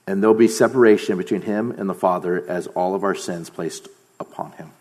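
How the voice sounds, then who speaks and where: A man's voice: deep voice, a little fast, a little mellow. A man preaching a sermon, emphatic, dropping to a near-whisper on key phrases.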